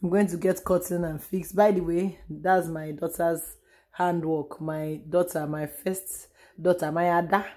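Nigerian woman, home vlogger, lowish hoarse voice, chatty and rambling. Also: little pitch movement, unhurried, warm tone. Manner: chatty, repeats herself, sighs and trails off. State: hoarse, losing her voice. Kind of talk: casual home vlog chat. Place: room at home.

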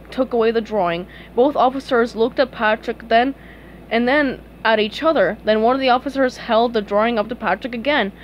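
A woman reading a children's book aloud in a calm, unhurried, steady way. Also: on the high side, muffled recording, slight background noise. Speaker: storybook reader.

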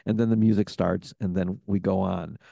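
A podcast host telling stories in a casual chat, rambling with many fillers. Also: male voice, deep voice, fairly even intonation, normal speed, gravelly, warm tone, no room sound, clean studio sound.

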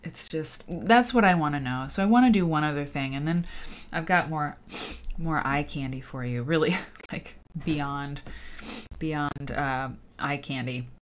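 A woman in her thirties hosts a casual livestreamed quilting show, speaking directly to her viewers and reading their comments aloud. Her voice is low and measured, emotional and at times tearful, with slight background noise.

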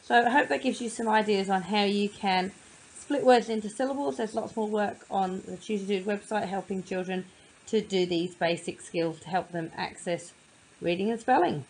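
A woman's voice: medium pitch, a little hiss or hum, rough recording. Patient woman tutor teaching phonics. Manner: patient, sounds words out slowly. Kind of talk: phonics lesson explanation.

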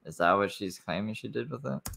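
A man's voice: fairly low pitch, brisk, gravelly, heavy background noise. A man giving sarcastic, incredulous commentary on a live stream.

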